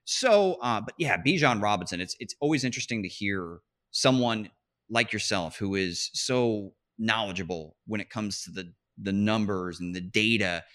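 A man hosts a fantasy football podcast in casual sports chat, speaking with animation, frequently restarting sentences and laughing mid-phrase. His voice is lowish and a bit bright, at normal speed.

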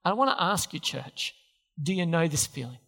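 A man's voice: fairly high pitch, lively intonation, rapid-fire, pushed and bright, big-room sound. A man preaching a sermon as pastor, emphatic and repeating key phrases. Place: church.

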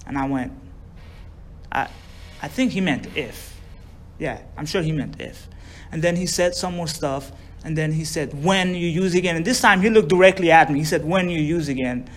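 A man's voice: on the high side, moderate pace, long pauses, fairly bright tone, slight background noise. A man with a drawl telling a long recovery story, profane and loose, acting out what others said to him. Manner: profane, drawling, acts out quoted voices. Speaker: speaker sharing recovery story. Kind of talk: storytelling to a group.

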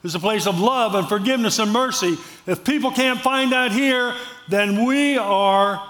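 A man's voice: high voice, normal speed, few pauses, a bit bright. A male pastor preaching a sermon in a conversational, storytelling way, repeating phrases for emphasis.

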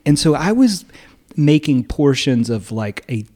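Mellow-voiced male podcast co-host. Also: on the high side, big pitch swings, unhurried. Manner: playful, laughs often, jokey asides. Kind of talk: casual chat.

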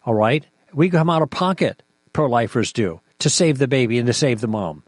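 A middle-aged man co-hosting a talk show, arguing with forceful indignation and rhetorical questions. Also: medium pitch, animated, normal speed, no room sound. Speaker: podcast co-host. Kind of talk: impassioned apologetics talk.

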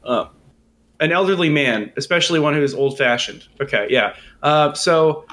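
A man's voice: fairly high pitch, expressive, moderate pace, fairly bright tone. Stammering man telling rambling stories. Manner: rambling, stammering storyteller who breaks into laughter. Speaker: podcast co-host. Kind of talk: casual chat.

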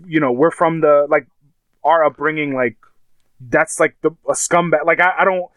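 A man chatting casually, retelling TV scenes with animated, crude language. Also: on the high side, normal speed, no room sound. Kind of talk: casual chat.

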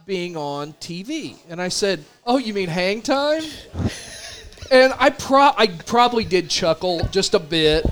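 A man's voice: high voice, slight background noise. A man in his thirties, a radio host telling a story in casual chat and acting out other people's lines. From Indiana. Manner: animated storyteller, acts out voices of others.

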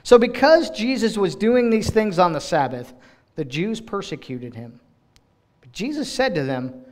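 An American man who serves as director of global partnerships delivers a sermon in church. His voice is slightly high, and his expressive delivery includes quick restarts.

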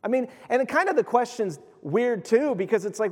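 High-voiced preacher in a reverberant hall. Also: male voice, normal speed, husky. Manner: animated, conversational preaching with quoted voices. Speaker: pastor. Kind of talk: sermon.

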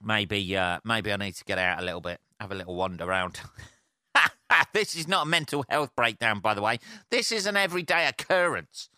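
A sweary man rants alone into a close podcast mic, rambling and laughing at himself. His voice is bright and forceful, and the sound is dry with no room around it. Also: on the low side, fairly quick, dry recording. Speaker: podcast host. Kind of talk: casual solo podcast rant.

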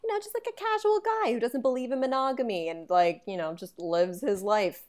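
A woman's voice: fairly high pitch, brisk. A woman in her twenties, a podcast guest, telling an anecdote in casual chat and acting out the people she quotes. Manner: animated storyteller, acts out quotes.

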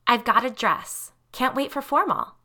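A woman voicing a frightened teenage girl in a told ghost story, pleading in a high, loud, desperate voice. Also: animated, measured pace, full character voice. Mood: excited.

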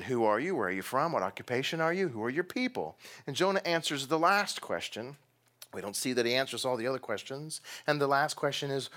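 A man's voice: medium pitch, a bit bright. Guy preaching a sermon, medium voice, chatty, laughs a bit, punches the big words. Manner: conversational preaching with laughs and sudden bursts of emphasis. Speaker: pastor.

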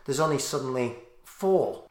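A man in casual chat, telling a lively, profane story to a friend. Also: medium pitch, normal speed, reverberant. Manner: animated, swearing, laughing storyteller.

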